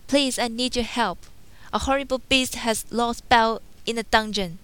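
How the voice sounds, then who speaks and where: A woman's voice: a little high, moderate pace, a bit bright, smooth, lightly acted. Woman doing a pleading old father. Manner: urgent and pleading. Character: old male inventor, worried father. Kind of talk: storybook read-aloud.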